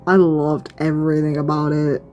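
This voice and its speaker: A young woman streamer giving an excited, gushing reaction, swearing and stumbling over her words. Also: deep voice, normal speed, faint music behind. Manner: gushing, swearing, frequent laughs.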